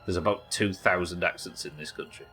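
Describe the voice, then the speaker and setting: A man chats loosely through a live game stream, laughing often. His voice sits low, with quiet music in the background. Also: fairly even intonation, fairly quick, breathy edge. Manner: casual, chatty, laughs often. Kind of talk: live gameplay commentary.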